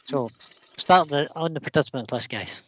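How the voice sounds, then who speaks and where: A man's voice: a little high, normal speed, a bit bright, highs cut off, a little hiss or hum. A man hosting a casual livestream, reading out long lists of viewer names and laughing easily. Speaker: livestream host.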